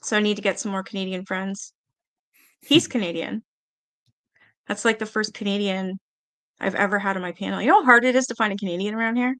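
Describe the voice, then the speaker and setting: A woman hosting a live-stream panel, chatting casually and reading viewer comments aloud with quick asides. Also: mid-range voice. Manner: chatty, animated, quick asides and little laughs.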